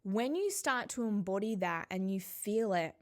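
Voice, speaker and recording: In an animated, mid-range voice, a woman spiritual coach shares a personal story on camera, heartfelt and reflective in a conversational way, and her pace drops on the emotional words.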